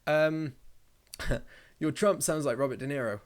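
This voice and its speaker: A man's voice: fairly high pitch, unhurried. Man, live streamer, casual chat, reading comments, rambling, jokey, swears a lot.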